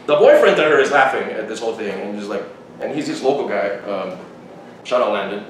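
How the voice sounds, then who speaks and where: A man's voice: fairly low pitch, animated, brisk. Rambling man in a very echoey room. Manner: rambling storyteller with frequent restarts. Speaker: podcast host. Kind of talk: casual chat. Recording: very echoey room, distant mic, faint noise.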